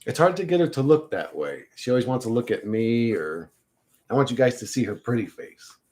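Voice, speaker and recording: Animated, profane man ranting on stream. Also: mid-range voice, fairly quick. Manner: laughs often mid-sentence. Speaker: livestreamer. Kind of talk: casual livestream rant.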